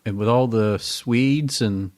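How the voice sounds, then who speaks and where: A man co-hosting a true crime podcast, chatty and playful, quick to agree and joke along. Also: mid-range voice, a little mellow. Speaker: podcast co-host.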